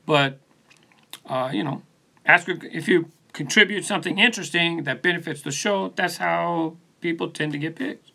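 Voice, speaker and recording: A man with a gravelly, bright voice that sits a little high, hosting a relaxed live stream from his studio. He rambles easily through viewer comments, calling people by name, picked up on a phone propped on a post. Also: normal speed. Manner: laid-back, rambling, answers viewers by name. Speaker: channel host. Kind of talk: casual live stream chat reading comments.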